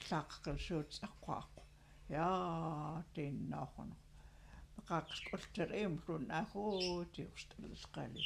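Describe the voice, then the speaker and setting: An elderly grandmother telling a traditional story in a slow, halting way, then chanting a song. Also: deep voice, vocal fry, noisy background. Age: older.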